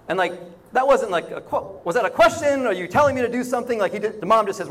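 A man's voice: sits high, expressive, quick pace. A man preaching a sermon in a conversational way, often acting out short quoted voices. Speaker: pastor.

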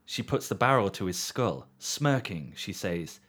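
A man in a casual podcast chat, telling a long story with swearing and deadpan readings. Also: fairly low pitch, measured pace, husky.

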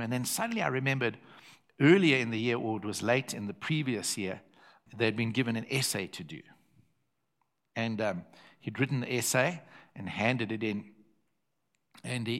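A man's voice: mid-range voice, a bit bright. An older man with a South African accent, preaching a sermon built around a personal story and repeating phrases for effect.

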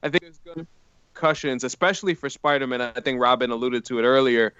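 A man on a podcast panel speaking in a measured, thoughtful way. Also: mid-range voice, a bit bright, clean tone, no room sound, muffled recording. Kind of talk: casual chat.

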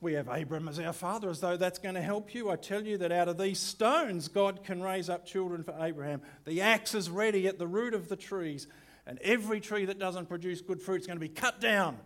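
A pastor voicing a fiery ancient male prophet, declaiming loudly and sternly. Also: high-pitched, a little fast. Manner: loud declaiming condemnation.

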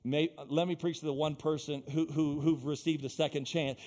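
A man's voice: on the high side, flat delivery, normal speed, hardly any pauses, a little mellow, slight background noise. A male pastor preaching a sermon in a church, building into fervent, repetitive exhortation.

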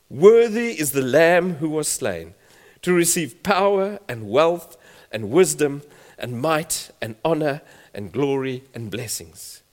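A man preaching a sermon, reading scripture emphatically and building in volume. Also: fairly high pitch. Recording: long hall reverb.

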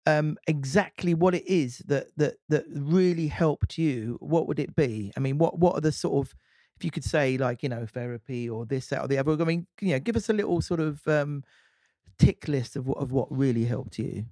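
A man's voice: a little high, moderate pace, warm tone, no echo, clean studio sound. A man hosting a podcast, asking questions hesitantly and repeating words as he forms them. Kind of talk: interview question.

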